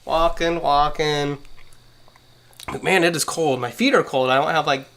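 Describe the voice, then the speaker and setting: A young man hosts a relaxed podcast chat, spinning a story and acting out the voices of everyone in it. His tone is bright and clear, and his delivery is lively. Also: a little high, a little slow. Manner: animated storyteller, acts out quoted voices. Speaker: podcast host.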